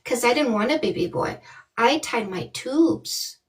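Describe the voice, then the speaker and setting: A woman's voice: a little high, expressive, measured pace. A woman from Canada, a dating coach, ranting on a livestream in a blunt, mocking and profane way. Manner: scolding, with many rhetorical questions. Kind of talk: livestream rant.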